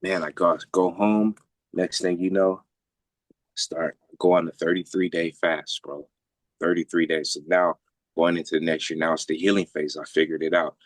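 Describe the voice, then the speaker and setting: A man's voice: deep voice, moderate pace, no echo. A man telling a long personal story in casual talk, swearing freely and acting out the voices of the people in it. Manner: animated, swears freely, acts out quoted voices.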